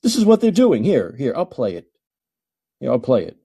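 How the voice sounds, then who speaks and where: A man's voice: mid-range voice, wildly swooping pitch, moderate pace, gravelly, dark tone, breathy edge. A man hosting a call-in podcast, ranting emphatically and repeating himself for effect. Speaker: podcast host.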